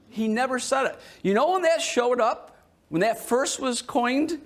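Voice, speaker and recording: A man with a notably high voice gives a history talk to a live audience in a museum. He is jokey and animated and keeps quizzing the crowd. His delivery stays conversational and teasing throughout. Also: a little slow. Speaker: history presenter. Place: indoor museum hall with an audience.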